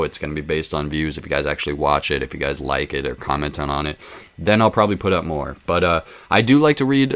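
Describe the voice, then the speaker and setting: A man's voice: low-pitched, a bit bright, smooth. A man running a gaming channel, chatting casually to his viewers in a rambling, self-deprecating way with frequent ums.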